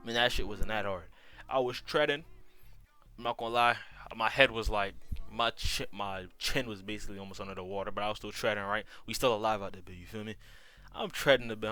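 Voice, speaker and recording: A man's voice: fairly low pitch, a bit bright. A man with an African accent telling a casual storytime, slangy and profane, rambling with tag questions. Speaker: YouTube storyteller.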